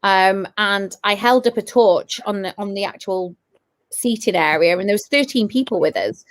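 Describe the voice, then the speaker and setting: Woman ghost hunter, mid-pitch, eager storyteller, stumbles and repeats. Casual chat. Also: moderate pace. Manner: eager, restarts and repeats phrases. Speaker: paranormal investigator.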